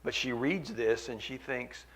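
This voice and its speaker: A man's voice: medium pitch, a little slow, fairly bright tone. A man preaching a sermon at a church meeting, earnest, repeating key phrases for weight.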